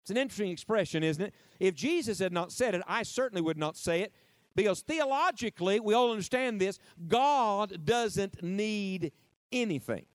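A man's voice: sits high, expressive, fast, no room sound. A man preaching a sermon, emphatic and repetitive. He drives key phrases home, prompts the congregation to answer and drops playful asides.

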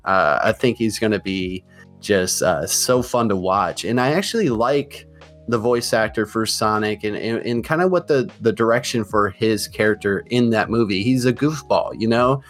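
A man's voice: on the low side, normal speed, faint music behind. Laid-back male podcast host. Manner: relaxed, asks loose questions, laughs easily. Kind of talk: casual podcast interview.

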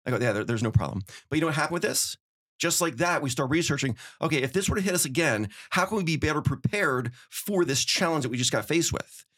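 A middle-aged man telling stories in casual conversation, animated, acting out quotes as he goes. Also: a little high, breathy edge. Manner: fast, animated storytelling with acted-out quotes. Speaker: podcast guest, winery owner.

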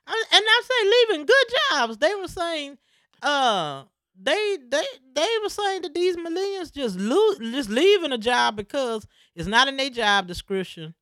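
Woman, bright and emphatic, animated conversational rant. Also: high-pitched, a little slow, dry recording, clean studio sound. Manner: emphatic, preachy, animated storytelling. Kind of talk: casual chat.

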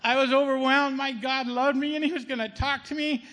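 High-voiced middle-aged man giving testimony. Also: fairly even intonation, fairly quick, bright, forceful tone, big-room sound. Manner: conversational, keeps asking the crowd "okay?" and saying "man". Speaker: testimony speaker. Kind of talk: spoken church testimony.

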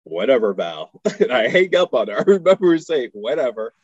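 A man's voice: a little high, lively intonation, brisk, husky, no echo, highs cut off. A man from Houston telling stories in casual chat as a podcast guest, laughing often and acting out the voices of people he quotes. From Houston, Texas. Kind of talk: casual storytelling.

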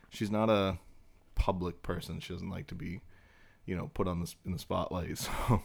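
Podcast co-host, man with a deep voice, swears freely and laughs through his stories. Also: little pitch movement, brisk, vocal fry, darkish tone. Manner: profane, storytelling, laughs often. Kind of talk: casual chat. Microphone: headphones and mic.

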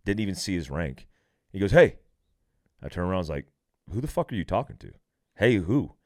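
A middle-aged man with a very deep voice tells his stories bluntly and with plenty of swearing. He sounds animated as he talks on a podcast. The recording is close and dry, with no room sound. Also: brisk, dry recording. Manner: animated, profane storytelling. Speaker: guest, military veteran. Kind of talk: casual podcast conversation.

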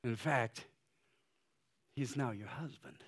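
A male pastor preaching a sermon, shifting between loud urgent exhortation and soft, quiet pleading, with conversational fillers. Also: medium pitch, normal speed, slightly rough.

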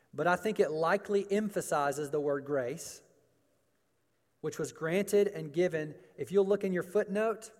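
Man, pastor, sermon, slow deliberate delivery, emphatic repetition, long hall reverb. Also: fairly high pitch, a little mellow. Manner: emphatic preaching, rhetorical questions, repeated phrases.

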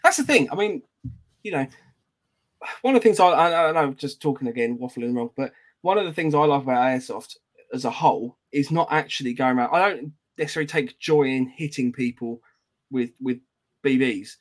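A man's voice: medium pitch, animated, a little fast. A British man co-hosting a casual podcast, reading out live chat comments and laughing often.

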